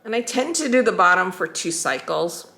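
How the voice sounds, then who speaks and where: A woman teaching a skincare routine, calmly talking through each step as she demonstrates it. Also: fairly low pitch, moderate pace. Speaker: skincare instructor.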